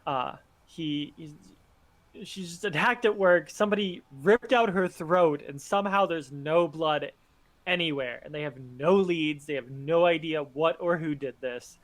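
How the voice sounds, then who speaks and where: A man's voice: a little high, a little slow. A young man narrating as game master in casual talk, full of filler words.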